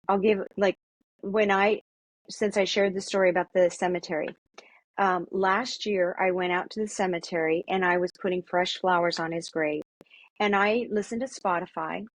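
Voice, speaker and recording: A middle-aged mother, appearing as an interview guest, tells stories casually and earnestly, halting often and restarting many times. Her medium-pitched voice holds a steady tone, with no room sound.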